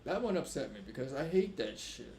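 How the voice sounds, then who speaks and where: Profane, animated male gaming streamer. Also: medium pitch, fairly quick. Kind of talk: live gameplay commentary. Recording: roomy livestream audio with faint background noise.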